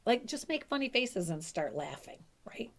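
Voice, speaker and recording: A woman's voice: a little high, very animated, normal speed. A middle-aged woman coaching dementia caregivers in a casual, emphatic teaching talk, often acting out little quoted lines.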